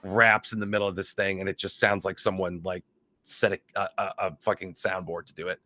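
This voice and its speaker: Podcast co-host, male, bright tense tone, dry mic, animated profane chatter. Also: sits low, a little fast, dry recording. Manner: animated, profane, does mocking voices. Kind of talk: casual chat.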